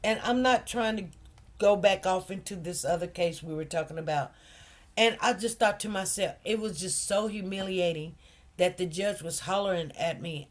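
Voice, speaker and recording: A woman's voice: lowish voice, normal speed. A woman hosting a commentary channel tells a personal story straight to her viewers, emotional and repetitive. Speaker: host of a news commentary channel.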